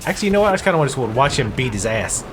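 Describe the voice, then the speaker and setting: A man's voice: medium pitch, sing-song, rapid-fire, background noise. A man casually commentating his gameplay, joking and sarcastic and swearing freely. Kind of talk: casual let's-play commentary.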